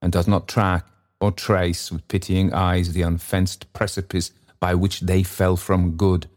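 A stern bell goblin spirit voiced by a man accuses in a slow, solemn, low voice. It is an audiobook reading with deliberate phrasing. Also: little pitch movement, darkish tone.

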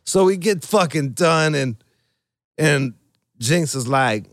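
A man's voice: on the high side, lively intonation, takes it slowly, gravelly, dry recording, clean studio sound. A man telling a crude story in casual chat, profane and rambling, full of fillers and restarts. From Michigan. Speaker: storyteller guest.

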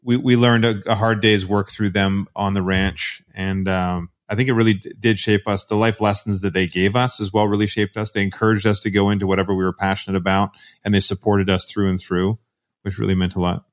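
A man with a slightly low voice tells long childhood stories as a podcast guest. He speaks in a relaxed interview style and often stops and restarts his sentences mid-thought. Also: fairly quick. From Canada. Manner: rambling anecdotes with frequent restarts. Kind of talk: casual interview storytelling.

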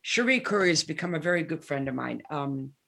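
A woman's voice: low-pitched, a little fast, gravelly. A woman in her seventies telling candid stories as a guest in a casual interview, acting out the lines of people she quotes. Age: 70s. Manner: candid, animated storyteller who acts out quoted dialogue. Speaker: guest musician.

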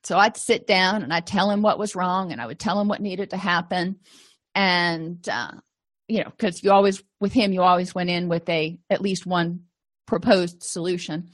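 Teaching therapy skills to clinicians, this woman keeps her lecture conversational and frequently acts out brief sample exchanges. She has a lowish voice with a steady tone, and her speed is normal.

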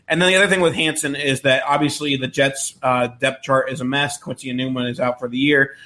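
A man's voice: medium pitch, steady tone, fairly quick, bright, forceful tone. A man co-hosting a podcast, steadily laying out his analysis in casual chat. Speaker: podcast co-host.

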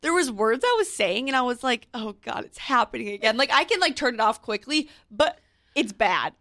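A woman's voice: high-pitched, sing-song, normal speed, pushed and bright, no echo. Chatty young woman co-host, dry sound. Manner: chatty, giving tips in a loose, rambling list. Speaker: podcast co-host. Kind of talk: casual chat.

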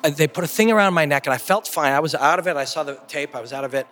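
A man's voice: fairly high pitch, racing, a bit bright. A middle-aged man from Canada, a guest telling stories in an interview, emphatic and blunt with salty language. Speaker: guest, fight commentator. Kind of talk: casual interview storytelling.

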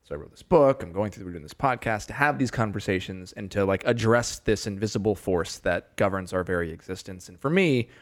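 A man's voice: on the low side, fairly quick, few pauses, no room sound, studio quality. A man hosting a podcast, talking in an earnest, effusive and self-reflective way. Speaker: podcast host.

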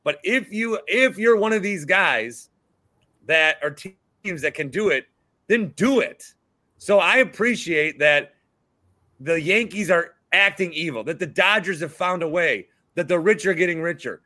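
A man's voice: high voice, lively intonation, a little slow, sharp tone. A man in his thirties with a Midwestern accent, co-hosting a sports podcast and ranting profanely in casual chat. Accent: Midwestern American. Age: 30s. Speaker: podcast co-host.

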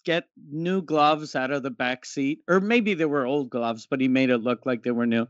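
A man's voice: medium pitch, moderate pace, dry recording, dull audio. A man chatting casually on a podcast with a wry, laid-back, profane delivery. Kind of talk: casual chat.

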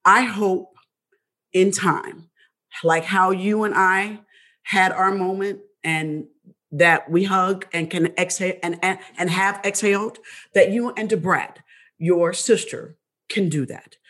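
A woman hosts a talk show in a husky voice. She speaks earnestly and with emphasis, casual and direct with her guest. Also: medium pitch, steady tone, slow, fairly bright tone.

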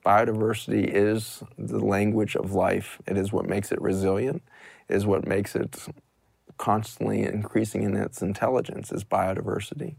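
A man's voice: lowish voice, fairly even intonation, normal speed, vocal fry, a little mellow, husky, dry recording. A middle-aged man, a doctor, giving an earnest, impassioned storytelling talk and posing rhetorical questions. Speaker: doctor and guest speaker.

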